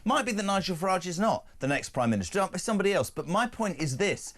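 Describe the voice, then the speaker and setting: A man's voice: sits high, sing-song, fast, a bit bright. A man co-hosting a talk radio show, emphatic and ranting as he gives his opinions. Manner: emphatic, ranting, mocks politicians in put-on voices. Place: radio studio.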